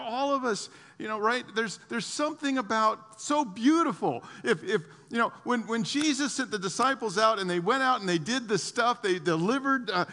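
A man preaching a sermon to his church, animated, laughing often and repeating his words. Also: very high-pitched, in a large hall. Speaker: pastor.

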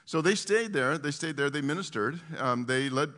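A man giving a casual, animated Bible teaching, with lots of fillers and restarts. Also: on the high side, normal speed, in a large hall.

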